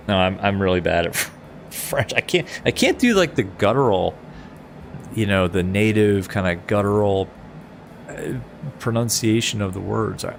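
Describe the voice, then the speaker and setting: A man's voice: low voice, lively intonation, moderate pace, creaky, soft background music. A middle-aged man streaming a flight sim in casual chat, laughing often as he answers his viewers.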